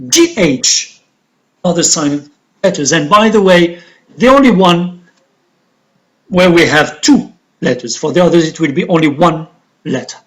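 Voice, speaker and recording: A woman teaching an English lesson, saying each word slowly and repeating it carefully for pronunciation. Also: fairly low pitch, lively intonation, poor audio. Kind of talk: classroom lesson, slow and deliberate.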